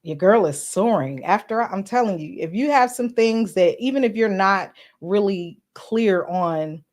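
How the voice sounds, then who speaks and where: A woman's voice: mid-range voice, darkish tone. A woman podcast host chatting casually on a live stream, greeting commenters by name and speaking earnestly with some filler words.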